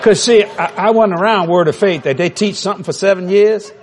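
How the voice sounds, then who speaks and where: A preacher telling a story in a sermon, animated and humorous, acting out the dialogue. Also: male voice, high voice, a little fast, slight background noise.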